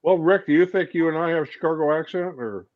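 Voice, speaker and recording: A man with a Midwestern accent co-hosting a livestream, relaxed and joking as he reads out viewer comments. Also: fairly high pitch, fast talker. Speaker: livestream co-host. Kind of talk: casual livestream chat. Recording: muffled lo-fi mic.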